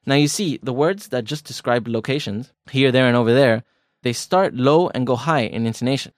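A man's voice: mid-range voice, moderate pace, dry recording, studio quality. A man hosting a language lesson podcast, teasing his co-host and stretching words for emphasis. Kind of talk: playful language lesson banter.

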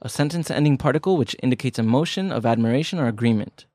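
A man's voice: medium pitch, lively intonation, fast, darkish tone, no room sound, clean studio sound. A man co-hosting a language lesson podcast, explaining grammar in a casual, chatty, joking way. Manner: laid-back, chatty, joking. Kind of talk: casual teaching chat.

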